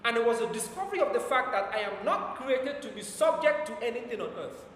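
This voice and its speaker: A man preaching a sermon, driving his points home and slowing down to dwell on scripture, with his volume rising and falling. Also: extremely high pitch, lively intonation, fairly bright tone, slight background noise. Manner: emphatic, slows down for scripture quotes, volume rises and falls. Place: church hall with long reverb. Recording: echoey church hall from far off.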